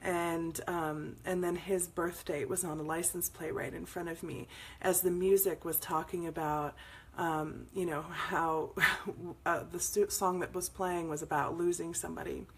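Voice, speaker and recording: A woman's voice: on the low side, fairly even intonation, unhurried, breathy edge. A woman hosting a spiritual morning show, telling meandering stories in a casual way and greeting viewers by name as she goes.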